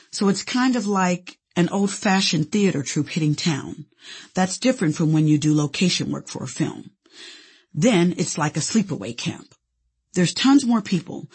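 Woman, memoir narration, very husky breathy voice, lively intonation, candid and playful. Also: fairly low pitch. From Indianapolis, USA. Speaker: actress telling her own story.

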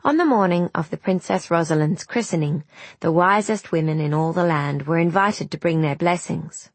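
A woman giving scripted storybook narration of a fairy tale, measured, gentle and deliberate. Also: lowish voice, no room sound.

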